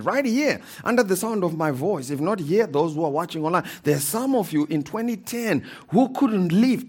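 Man, pastor, church sermon, somewhat high voice, repeats phrases, calls for amens. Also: a little mellow, husky. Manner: emphatic preaching, repeats key phrases.

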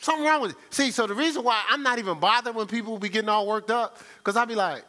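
Pastor, male, lively sermon delivery, bright, acts out scenes in voices. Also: high voice, fast talker, few pauses.

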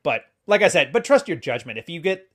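A man's voice: a little high, big pitch swings, fairly bright tone. A man co-hosting a podcast, talking in casual chat with blunt, joking opinions. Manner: speaks quickly in long runs. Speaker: podcast co-host.

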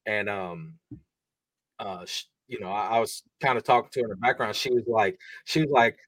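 A man's voice: lowish voice, fairly bright tone, no echo, poor audio. A man hosting a podcast in casual chat, often restarting and repeating words as he goes. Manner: halting, repeats words while he finds his thought. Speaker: podcast host.

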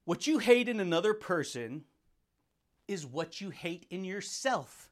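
Man, high voice, hyped motivational podcast host, playful, laughs a lot. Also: sing-song, moderate pace. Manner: hyped, playful, laughs often, calls listeners buddy and dude.

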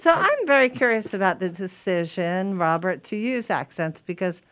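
A woman's voice: mid-range voice, lively intonation, normal speed, a bit bright, smooth. A woman hosting an interview, asking friendly, encouraging questions. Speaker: interview host. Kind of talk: casual interview.

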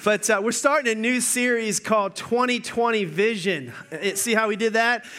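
High, bright-voiced joking male pastor. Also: brisk. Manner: joking, storytelling, energetic. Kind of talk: sermon.

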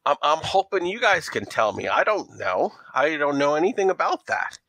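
A man with a New York accent voicing a worried young woman from a dance troupe, answering haltingly with many fillers. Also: on the high side, very animated, a bit bright, dry recording, full character voice. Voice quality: broad, leaned-in street accent.

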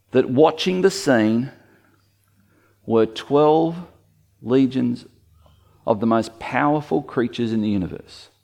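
Male preacher, conversational sermon, animated delivery, acts out quotes. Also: mid-range voice, creaky.

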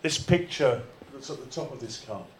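A man preaching a lively sermon as pastor, acting out quoted voices as he goes. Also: mid-range voice, normal speed, slight background noise. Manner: animated, acts out quoted voices. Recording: echoey room from far off.

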